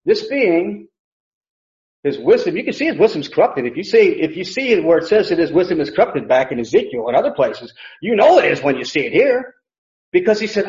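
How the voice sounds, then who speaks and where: A man's voice: high voice, sing-song, brisk, darkish tone. A man teaching an expository Bible sermon, emphatic, and often repeating phrases. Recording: roomy, dull lo-fi sound.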